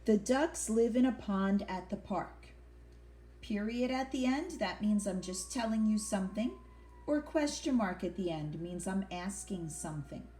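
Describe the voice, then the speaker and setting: A woman's voice: mid-range voice, a little slow, dark tone. A woman teacher giving an online classroom lesson, patiently explaining and asking then answering her own questions.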